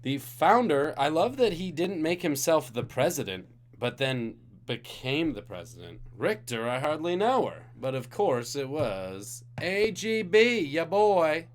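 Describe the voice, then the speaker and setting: Playful trivia host, lively pitch. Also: male voice, unhurried, few pauses. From Singapore. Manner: jokey, playful asides to the chat. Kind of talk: live-streamed trivia hosting.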